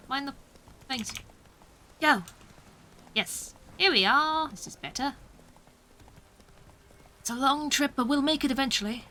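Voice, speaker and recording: A woman's voice: sits high, a little slow, long pauses, pushed and bright. A young British woman streaming a game, chatting casually, mocking herself and laughing often. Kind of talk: casual gameplay commentary.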